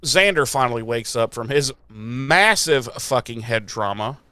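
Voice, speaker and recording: Animated sweary podcast host. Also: male voice, medium pitch, unhurried, dry recording, studio quality. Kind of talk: casual episode recap.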